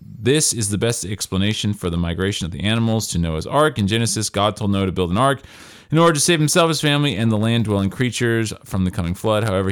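A man co-hosting a casual podcast, rambling and chatty, reading list items aloud between stories. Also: fairly low pitch. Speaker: podcast co-host.

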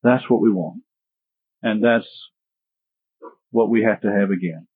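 Folksy Southern preacher, husky and tinny. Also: male voice, fairly low pitch, a little slow, no room sound. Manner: folksy, animated preaching with chuckles. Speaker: pastor. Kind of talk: sermon. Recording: tinny phone-like sound.

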